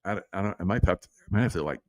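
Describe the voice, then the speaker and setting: A man's voice: sits low, racing, no echo. A man vlogging a rambling political monologue, sarcastic and profane, chuckling as he goes.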